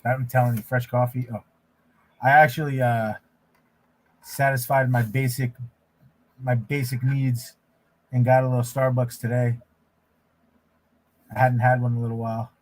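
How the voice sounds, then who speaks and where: A man's voice: mid-range voice, flat delivery, moderate pace, pauses often. A man hosting a casual livestream while drawing, talking in a loose, rambling way with frequent restarts. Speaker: livestream host, artist.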